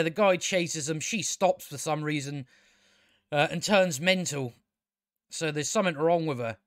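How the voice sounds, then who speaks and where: A man's voice: a little high, a bit bright, no room sound, clean studio sound. A man giving a casual, sarcastic and exasperated spoken review of a TV show, swearing often.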